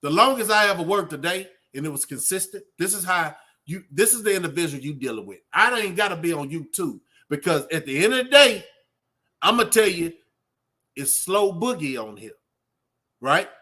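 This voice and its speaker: A man's voice: sits high, sing-song, normal speed, bright, forceful tone. A middle-aged man giving an off-the-cuff motivational talk in a streetwise preaching way, rambling with fillers. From Texas. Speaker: channel host.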